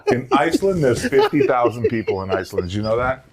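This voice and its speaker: A man born in Slovakia and raised in Queens, co-hosting a podcast and telling stories in a playful, animated way. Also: medium pitch, quick pace, crowd noise. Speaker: podcast co-host. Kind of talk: casual chat.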